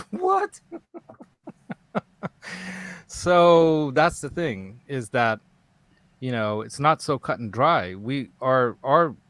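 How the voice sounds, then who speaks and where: A man's voice: on the low side, a bit bright, no room sound. A man hosting a casual live talk show, rambling and digressive and laughing often. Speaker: host. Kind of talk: casual livestream chat.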